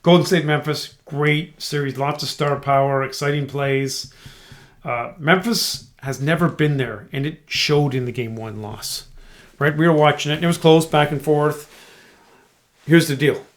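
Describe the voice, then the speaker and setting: A man with a slightly high voice co-hosts a sports podcast in loose, casual chat. He is jokey and animated and keeps slipping into silly voices. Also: measured pace. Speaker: podcast co-host.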